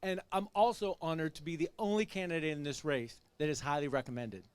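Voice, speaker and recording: A man's voice: a little high, fairly even intonation, fairly quick, smooth, dry recording. A man judicial candidate giving a confident, punchy rally speech with a self-deprecating joke. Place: outdoor rally.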